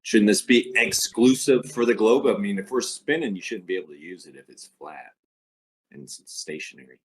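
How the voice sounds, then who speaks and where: A man's voice: fairly low pitch, animated, moderate pace. Hesitant man asking questions. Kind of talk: casual podcast discussion.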